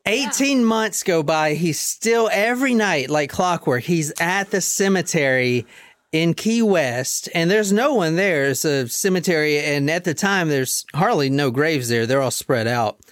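A woman hosting a podcast, telling a true-crime story in casual chat, animated and swearing casually. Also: unhurried, dry recording, clean studio sound. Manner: animated, swears casually, drops to low emphasis.

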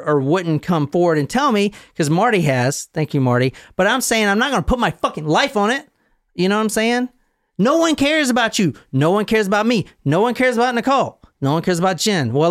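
A man's voice: high voice, dry recording. A man hosting a podcast, ranting heatedly and swearing freely in a casual chat, speaking into a studio mic. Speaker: podcast host.

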